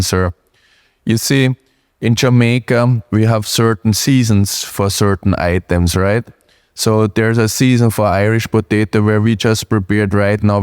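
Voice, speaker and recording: A man's voice: deep voice, darkish tone, smooth. A middle-aged man with an Austrian German accent, a speaker answering audience questions. He talks in short phrases, often tagging "right?" or "you know" at the end. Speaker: invited speaker, farmer.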